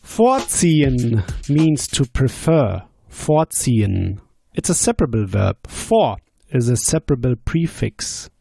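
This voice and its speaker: A man teaching German grammar on a podcast, slowly explaining and asking quiz questions. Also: medium pitch, big pitch swings, creaky, mellow, slightly rough, no room sound, soft background music. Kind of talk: podcast language lesson.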